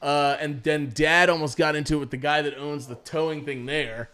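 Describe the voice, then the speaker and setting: A man's voice: on the high side, fairly even intonation, normal speed, bright, forceful tone, clean tone. A young man hosting a podcast, telling stories in a rambling, profane way, with many restarts and acted-out quotes. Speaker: podcast host. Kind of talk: casual storytelling chat.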